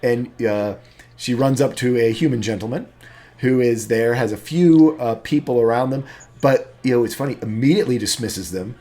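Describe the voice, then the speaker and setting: A man's voice: medium pitch, moderate pace, dark tone. A man narrating a tabletop role-playing game as game master, rambling with lots of fillers.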